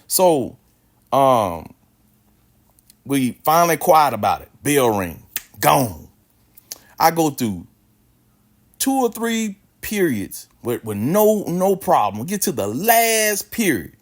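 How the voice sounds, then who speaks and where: A man's voice: a little high, takes it slowly, long pauses. A man telling a casual, slangy story with plenty of swearing and a lot of expression. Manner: animated, slangy, swears freely.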